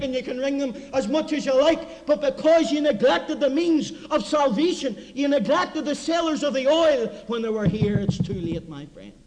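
A man preaches a mission sermon with a strikingly high voice. He swings from quiet, low asides to loud, impassioned appeals. His voice rings out in a hall with a long echo.

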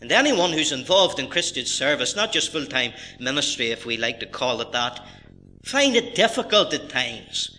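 Bright-voiced preacher man, earnest. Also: medium pitch, big pitch swings, normal speed. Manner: earnest preaching, rising emphatically on key phrases. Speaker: pastor. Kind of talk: sermon with scripture reading.

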